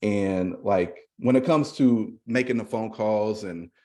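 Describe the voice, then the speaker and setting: A man's voice: lowish voice, slow pace, warm tone. A man hosting a casual podcast chat, agreeable, with lots of short affirmations. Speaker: podcast host.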